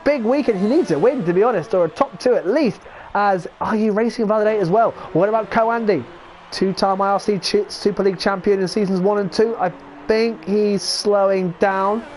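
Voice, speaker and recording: Excitable English man commentating sim racing. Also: high voice, a little hiss or hum. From England. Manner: excitable, chatty, rambling with self-corrections. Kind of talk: live esports race commentary.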